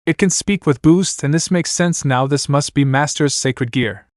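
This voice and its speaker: A man voicing a calm young male swordsman while reading fan fiction aloud. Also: on the high side, moderate pace, no echo, studio quality, natural voice. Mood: thoughtful.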